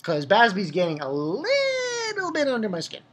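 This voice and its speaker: A woman giving a profane, ranting, animated manga review in a casual video. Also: on the high side, moderate pace, background noise.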